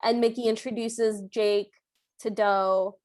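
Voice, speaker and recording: A woman's voice: mid-range voice, fairly even intonation, slow, a little mellow. A woman co-hosting a podcast, recapping a film in a casual, chatty way with lots of filler words. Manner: chatty, filler-heavy storytelling with frequent "like". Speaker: podcast co-host.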